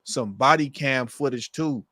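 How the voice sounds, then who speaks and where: A man's voice: medium pitch, unhurried, bright, forceful tone, dry recording, studio quality. A man co-hosting a livestream, chatting loosely with fillers and laughs. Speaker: stream co-host. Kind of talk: casual livestream chat.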